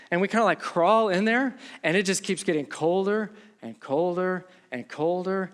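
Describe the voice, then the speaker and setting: Animated storytelling pastor in a reverberant hall. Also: male voice, high voice. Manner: animated storytelling, acts out quotes. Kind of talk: sermon. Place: church sanctuary. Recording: long reverb of a large hall.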